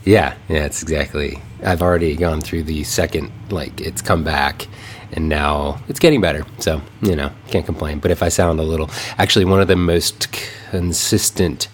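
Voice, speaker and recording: A man co-hosting a podcast in casual chat, a little congested from a lingering cold, relaxed and rambling with frequent laughs. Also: extremely low pitch, normal speed, hardly any pauses, slight background noise. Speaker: podcast co-host.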